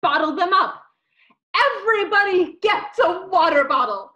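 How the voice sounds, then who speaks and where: Greedy swearing newlywed voiced by a woman, high bright voice, dull lo-fi sound, comedic audio drama. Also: expressive, normal speed, exaggerated voice. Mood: giddy. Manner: profane, theatrical outbursts. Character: greedy young newlywed woman, foul-mouthed and entitled.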